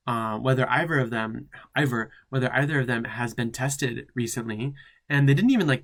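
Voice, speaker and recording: A man's voice: medium pitch, a bit bright. Campy drag queen reading with sassy asides. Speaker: drag queen host reading fan fiction. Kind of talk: comedic reading with commentary.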